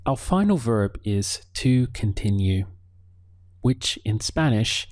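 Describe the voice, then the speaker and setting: A low, mellow male voice that takes its time, speaking unhurried and patient as a teacher. He models each word carefully so the listener can repeat it. The sound is dry and close, with no room echo. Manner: calm, patient, models words slowly for repetition. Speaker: language teacher. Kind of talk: slow, deliberate spoken lesson.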